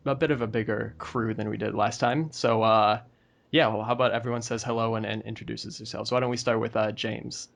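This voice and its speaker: Gravelly-voiced man hosting a podcast. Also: lowish voice, fairly even intonation, a little fast. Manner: easygoing, hesitant with many "uh" fillers. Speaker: podcast host. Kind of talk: casual group chat.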